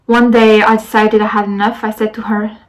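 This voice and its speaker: A woman's voice: medium pitch, level tone, a little fast, low-quality recording. A young woman with a French accent, telling a rambling story to her camera in a casual vlog, with lots of fillers and restarts. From France. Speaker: vlogger.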